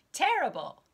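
Woman, young adult, online teacher, very slow, breathy, encouraging. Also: a little high. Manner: slow, bright and encouraging, lots of praise. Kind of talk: online lesson with a child.

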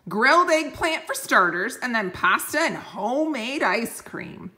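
A woman voicing a clever, cheerful young boy in a storybook reading, talking brightly and eagerly. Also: on the high side, sing-song, a little slow, pitched above the performer's own voice, full character voice.

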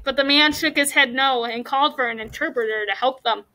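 A woman teacher reading a chapter book aloud to her class, animated and stopping to ask the children questions. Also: high voice, a little fast, rough recording.

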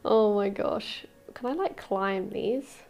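A woman hosting a casual let's-play, gushing and excitable, with squeals of delight and soft murmurs as she explores. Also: medium pitch, slow, faint music behind. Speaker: gaming channel host.

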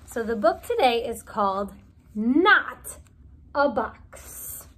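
Slow-talking storytime woman, lively. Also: fairly high pitch, breathy edge. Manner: cheerful, speaks slowly to kids. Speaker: children's story time reader. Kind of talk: reading aloud to children.

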